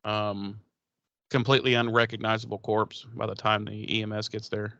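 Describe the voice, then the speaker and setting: A man's voice: fairly low pitch, little pitch movement, normal speed, pushed and bright, no room sound, dull audio. A man casually recapping a TV episode on a podcast, rambling, swearing and acting out the characters' lines. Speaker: podcast co-host.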